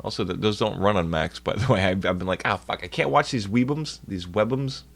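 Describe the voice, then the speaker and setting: A man chatting on his livestream, ranting profanely and swinging between mumbled asides and loud outbursts. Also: lowish voice, a little fast, creaky. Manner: profane ranting, swears constantly. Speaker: streamer. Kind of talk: casual stream chat.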